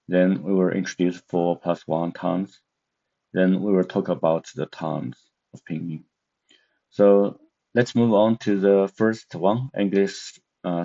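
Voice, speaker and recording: A man with a low, gravelly, mellow voice teaches a language lesson online, his speech full of hesitant filler sounds. The recording has a dull, lo-fi quality.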